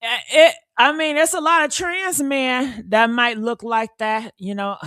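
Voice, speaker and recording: Brief: high, bright-voiced woman, blunt and profane commentary, dry close sound. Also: measured pace, clear, resonant tone, no room sound. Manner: expressive, blunt, profane, swinging from loud outbursts to muttering. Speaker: commentator reacting to a story. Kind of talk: casual reaction commentary.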